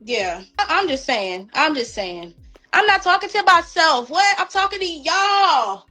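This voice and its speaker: A woman from Northern Virginia streams casual gossip commentary, blunt and mocking, repeating phrases for emphasis. Her voice is very high and sing-song, a little slow, pushed and bright. The recording is low quality, with faint music behind her.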